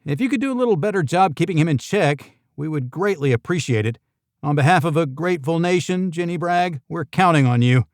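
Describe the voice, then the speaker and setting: A man voicing a deadpan government agent. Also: fairly high pitch, a little fast, no room sound, clean studio sound, voice pushed up, close to an everyday voice. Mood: scolding. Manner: deadpan, exasperated. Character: sardonic middle-aged male government agent.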